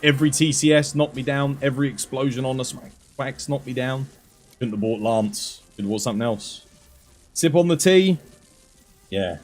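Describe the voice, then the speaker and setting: Hoarse man, chatty gameplay commentary. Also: mid-range voice, normal speed, a little mellow, soft background music. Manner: chatty, self-deprecating and apologetic. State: hoarse, losing his voice. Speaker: gaming streamer coaching players.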